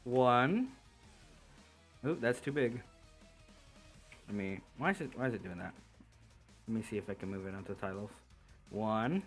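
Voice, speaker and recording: A man's voice: fairly low pitch, unhurried, long pauses, faint music behind. A man running a tabletop game over a voice call, who rules on the action and narrates it in a rambling, laughing way, full of fillers. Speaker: game master. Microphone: computer headset or desk mic on a voice call.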